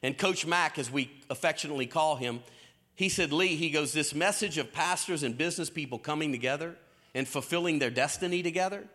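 Bright lively high-voiced preacher man. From American South. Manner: lively storytelling preacher, folksy Southern phrasing. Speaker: pastor. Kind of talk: sermon. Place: church stage.

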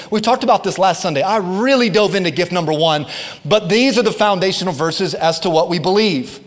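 A man with a high, lively voice preaches. He calls out to the congregation and pushes key lines hard. His voice carries a long reverb from a church hall. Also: brisk. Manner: call-and-response preaching, rising to emphatic bursts. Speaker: pastor. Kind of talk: sermon. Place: church sanctuary.

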